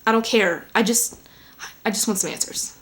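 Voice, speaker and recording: A woman's voice: mid-range voice, normal speed, a bit bright. A woman talking casually and rambling in a home vlog, full of fillers and asides. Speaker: vlogger.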